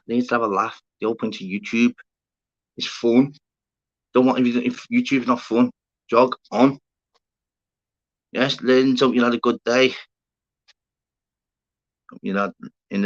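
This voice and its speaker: A man whose voice sits on the low side, with a fairly bright tone, hosts a laid-back livestream. He rambles, drops swear words, and banters with his chat over dull lo-fi audio.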